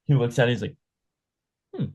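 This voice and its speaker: A young man narrating an improvised comedy story with a fairly low voice. He rambles loosely, leaning on lots of "like"s and laughing along as he builds the scene. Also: fairly even intonation, normal speed, fairly bright tone. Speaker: co-host.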